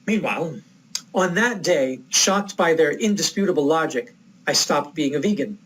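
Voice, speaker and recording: A man from the United States giving a recorded lecture, telling a personal story in a reflective, measured way. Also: fairly high pitch, lively intonation, breathy edge, poor audio.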